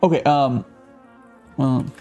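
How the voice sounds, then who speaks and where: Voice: mid-range voice, steady tone, slow pace, dark tone, soft background music. A live-streamer reading quest text aloud and stopping to react to viewer chat, with fillers and restarts.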